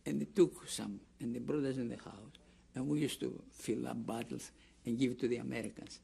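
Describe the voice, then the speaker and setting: An older camp survivor with a Greek accent gives an oral history interview, rambling through a story with restarts and acting out the people he quotes. His medium-pitched voice is steady, brisk, gravelly and dark, with a breathy edge.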